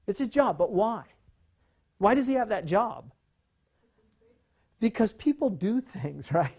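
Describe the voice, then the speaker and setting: Male lecturer, warm mellow tone, conversational, keeps checking in with rhetorical questions. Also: high voice, slow pace, breathy edge. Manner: rhetorical questions, frequent "right?"; animated, conversational teaching. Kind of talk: lecture on poetry.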